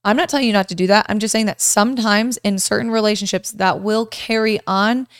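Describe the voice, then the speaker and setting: Young woman, podcast co-host, animated casual chat, smooth clear voice, dry close mic. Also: medium pitch, a little fast, dry recording. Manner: animated, storytelling with many "like"s.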